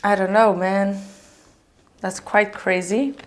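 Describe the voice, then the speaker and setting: A woman's voice: medium pitch, flat delivery, slow pace, a little hiss or hum. A woman giving a casual tarot reading, chatty and gushing, with many fillers. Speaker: tarot reader.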